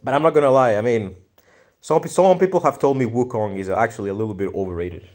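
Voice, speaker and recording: A man's voice: medium pitch, fast, a little mellow. A young man with a Greek accent chatting casually on a live stream, reading viewer comments and thinking aloud in a laid-back, slangy way. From Greece.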